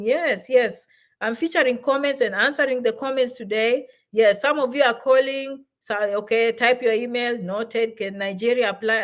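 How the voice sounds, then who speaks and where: A middle-aged woman chats on a casual livestream, her voice pitched a little high. She reads out viewers' comments and answers them warmly, in an easy, familiar way.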